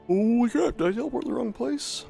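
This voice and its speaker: A man playing a building game on stream jokes at himself and chats casually to himself, speaking fast and animatedly. His voice is very high yet gravelly, dark-toned and slightly rough, with soft background music.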